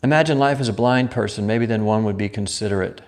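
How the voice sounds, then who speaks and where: A man's voice: fairly low pitch, fast. A man hosting a live stream, casually telling a childhood story and reading chat comments, acting out the voices he quotes. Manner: animated, acts out quoted voices. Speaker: livestream host.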